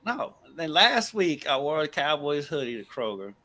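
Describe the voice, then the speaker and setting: A man co-hosting a casual sports podcast, retelling conversations and laughing freely. His voice sits a little high and sounds bright. It swoops lively up and down as he talks. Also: normal speed. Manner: storytelling, laughs often, lively. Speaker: podcast co-host.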